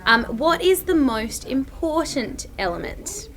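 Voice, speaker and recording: A woman's voice: sits high, sing-song, slow pace, a bit bright. A woman co-hosting a casual kids' chat, upbeat and agreeable, reading out viewer questions. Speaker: co-host. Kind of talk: casual live-stream chat for kids.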